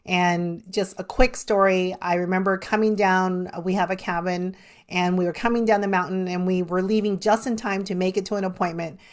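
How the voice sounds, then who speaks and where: A woman's voice: lowish voice, fairly even intonation, normal speed. A middle-aged woman, a life coach and podcast guest, telling personal stories earnestly and laughing often. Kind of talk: podcast interview.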